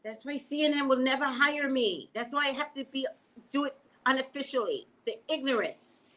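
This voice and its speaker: Talking straight to viewers over a home webcam mic, a woman runs a relaxed psychic livestream. Her voice sits high and her pace is normal, and she stays animated, laughing frequently.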